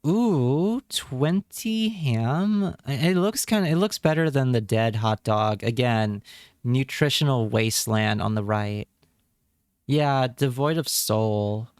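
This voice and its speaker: A man's voice: medium pitch, a little slow, clean tone, no echo, clean studio sound. A man streaming live, chatting casually with his viewers and reacting with wry remarks and repeated words.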